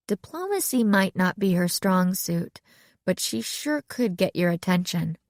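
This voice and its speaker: A woman narrating an audiobook in lively storytelling. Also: on the low side, unhurried, no room sound, studio quality. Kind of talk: scripted narration.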